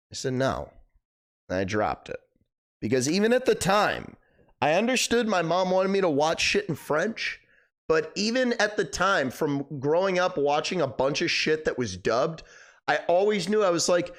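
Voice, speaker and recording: A man's voice: fairly high pitch, big pitch swings, unhurried, a bit bright. A young man hosting a live stream, chatting casually and rambling, swearing a lot, his voice cracking. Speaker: livestream host.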